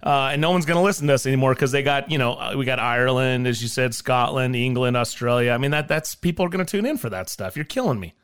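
A man's voice: mid-range voice, quick pace, hardly any pauses, a bit bright, clean tone. A man co-hosting a golf podcast, jokey and enthusiastic, laughing often. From Utah or Idaho, USA. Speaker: podcast co-host. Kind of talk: casual podcast chat.

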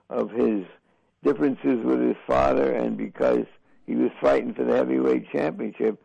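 Older male broadcaster in an interview, deep gravelly rasp, unhurried and halting, on a dull lo-fi recording. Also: darkish tone, no echo. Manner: slow, halting storytelling with many fillers. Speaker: boxing broadcaster. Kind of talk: reflective interview answers.

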